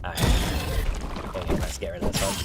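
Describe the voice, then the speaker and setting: A gaming streamer chats casually during live gameplay in a low, flat voice at a moderate pace, over game music on a very noisy recording. He stammers through restarts, laughing and swearing as he plays.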